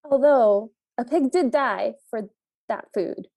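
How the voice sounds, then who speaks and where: A woman's voice: fairly high pitch, slow pace, dark tone, dry recording. A woman co-hosting a podcast, chiming in with easygoing recap chat. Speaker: podcast co-host. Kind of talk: casual movie recap chat.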